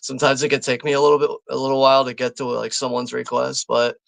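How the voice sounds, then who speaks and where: A man's voice: mid-range voice, flat delivery, fast, vocal fry, fairly bright tone, dry recording, poor audio. A man hosting a live watch party stream, chatting casually and rambling, with lots of fillers, restarts and easy chuckles. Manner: easygoing, chuckles often.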